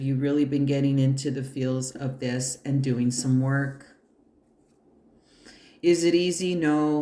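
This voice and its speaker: Slow, blunt, cursing tarot reader in an echoey room. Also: medium pitch. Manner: blunt, emphatic and profane; encouraging, addresses the listener directly. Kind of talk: pick-a-pile tarot reading. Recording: roomy echo.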